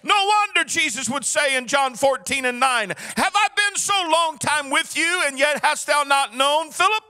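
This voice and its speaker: A man preaches a sermon in a strikingly high, bright, forceful voice. He drops to a low murmur and then rises into chanted, sing-song shouting. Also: expressive, normal speed. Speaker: pastor.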